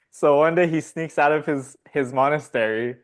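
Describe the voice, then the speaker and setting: A man's voice: fairly high pitch, expressive, a little slow. A man telling a story as a podcast guest, rambling casually, laughing often and swearing freely.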